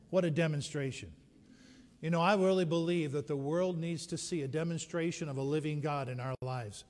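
A man preaching a sermon as dramatic storytelling, rising to shouts and dropping to hushed tones, in a church sanctuary. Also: a little high, fairly quick. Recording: long reverb of a large hall.

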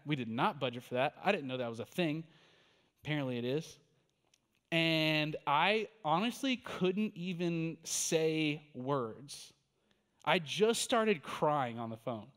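High-voiced man preaching a story sermon. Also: clean tone. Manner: conversational, animated storytelling. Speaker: pastor.

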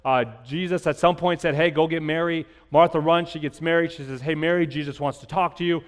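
A man preaching a sermon, moving from quiet explanation to fervent, repeated declarations. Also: fairly high pitch, steady tone, brisk, long reverb tail. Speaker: pastor.

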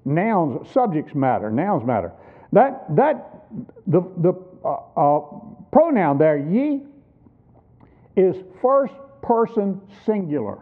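A man in his sixties preaches at a missions conference in a church, emphatic and teaching through rhetorical questions. His high-pitched voice is very animated yet slow, and the sound is tinny, like a phone.

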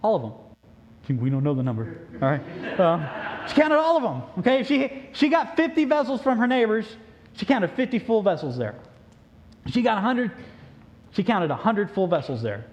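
A male preacher telling a story in a sermon, animated and joking, on a dull lo-fi recording. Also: high voice, moderate pace.

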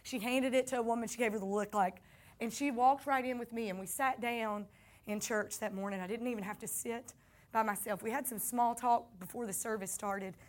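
A woman's voice: on the high side, steady tone, fairly quick. A woman with a Southern accent giving an earnest personal faith testimony, speaking to her listeners as y'all.

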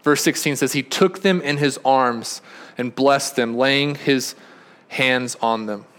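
Earnest pastor preaching. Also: male voice, medium pitch, slow. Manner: earnest, repeats and restarts phrases, rises to emphatic peaks then drops quiet. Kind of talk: sermon.

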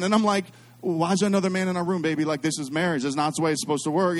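A middle-aged man preaching a sermon as a pastor, telling stories and swinging between quiet, hushed passages and loud, excited ones. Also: high voice, rapid-fire.

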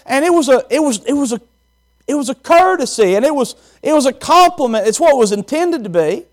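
A man preaching a folksy, animated sermon and quizzing the congregation. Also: very high-pitched, a little fast. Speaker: pastor.

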